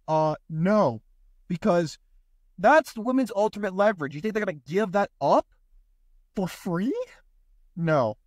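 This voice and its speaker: A man's voice: high voice, dry recording. A man hosting a podcast, delivering a blunt, profane and sarcastic ranting monologue. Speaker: podcast host.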